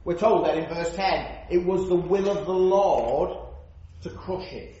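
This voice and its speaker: A man's voice: high voice, measured pace, dark tone. A man preaching an earnest sermon, stressing his points and asking rhetorical questions. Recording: roomy, dull church recording.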